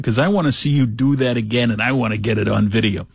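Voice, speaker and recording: A man hosting a talk show, reading a news story aloud with sarcastic asides and lively quoting. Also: mid-range voice, quick pace, vocal fry, husky, no room sound. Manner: sarcastic, animated when quoting others. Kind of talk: casual commentary reading news.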